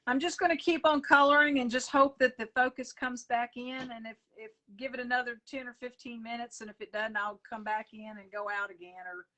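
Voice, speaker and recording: A woman recounts stories in a loose, rambling way, full of fillers and restarts. Her voice sits a touch high and rings bright. She is on a phone video call from home. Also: fairly even intonation, a little fast, hardly any pauses. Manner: rambling storyteller with many fillers. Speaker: guest, coloring book author. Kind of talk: casual chat over video call.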